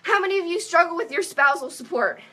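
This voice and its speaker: A woman in her thirties giving an energetic motivational pep talk as a coach on a call. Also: very high voice, quick pace.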